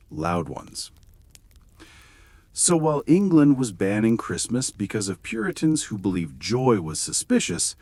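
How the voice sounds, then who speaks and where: A man reading a scripted bedtime history story with wry, gently sarcastic humor. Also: fairly low pitch, no echo. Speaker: narrator.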